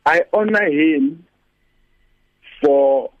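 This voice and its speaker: A man's voice: fairly high pitch, extremely slow, no echo. A man, a pastor and guest on a radio talk show, preaching earnestly and repeating scripture lines for emphasis over a phone line. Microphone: phone call-in.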